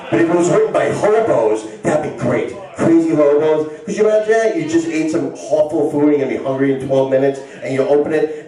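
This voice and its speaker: A male stand-up comedian rambling and stammering through a set, bursting into shouts. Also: on the high side. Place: bar stage with live audience. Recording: echoey club recording from far off. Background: crowd laughing.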